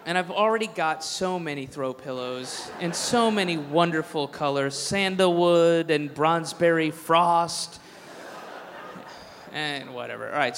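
A man's voice: a little high, a bit bright, in a large hall, slight background noise. A man doing a stand-up routine, telling a rambling story with sarcasm and lots of swearing. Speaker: stand-up comedian.

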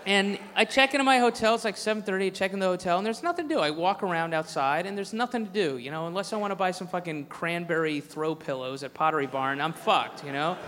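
A man's voice: high-pitched, fast talker, few pauses, a bit bright, long reverb tail, a little hiss or hum. Profane, rambling man doing stand-up. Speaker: stand-up comedian. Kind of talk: stand-up routine.

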